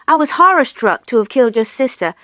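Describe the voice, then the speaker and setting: Casting: woman playing a scared, timid young girl, high and pleading. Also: sing-song, brisk, a bit bright, no echo, studio quality.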